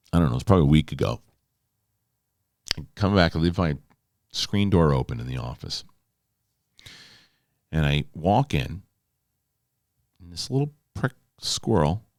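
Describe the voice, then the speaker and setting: A middle-aged man hosting a casual solo show, telling stories with lively, animated delivery and reading a sponsor spot. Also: sits low, creaky, no echo, clean studio sound. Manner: animated storytelling, yelling in quoted outbursts. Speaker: host.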